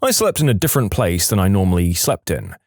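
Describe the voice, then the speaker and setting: A man reads odd little stories aloud with a lively, bouncing voice, his pitch swooping up and down. He sounds close to the mic in a dead, dry room. His telling is playful and expressive. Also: fast talker, husky, no room sound. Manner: expressive storytelling with playful acted quotes. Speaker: storytelling channel narrator. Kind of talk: reading submitted stories aloud.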